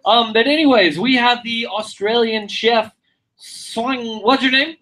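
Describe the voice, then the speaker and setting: A man performing live improv comedy, tossing out joking deadpan asides. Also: extremely high pitch, measured pace.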